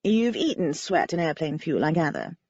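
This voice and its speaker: A woman voicing a fussy, uppity man with a British accent who drawls and chides, his voice husky and silken. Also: sits low, big pitch swings, normal speed, a little mellow, no room sound, lo-fi sound, pitched below the performer's own voice, heavily acted. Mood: chiding. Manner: drawling, haughty.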